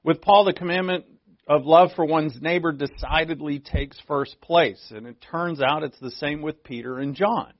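A man's voice: fairly high pitch, normal speed, no echo, lo-fi sound. A man preaching a sermon as pastor, in a conversational style that often asks the listeners questions.

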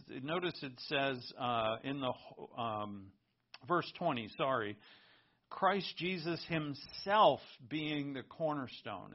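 Gravelly-voiced man preaching, lo-fi sound. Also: a little high. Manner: earnest teaching tone, reads scripture aloud then explains. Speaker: pastor. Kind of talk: sermon. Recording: muffled lo-fi recording.

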